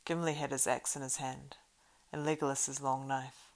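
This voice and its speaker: A woman reads a storybook aloud in a steady voice that now and then stumbles over a word. Her voice sits low and carries a gravelly fry. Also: normal speed, rough recording. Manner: steady reading with small stumbles. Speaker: reader. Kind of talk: storybook read-aloud narration.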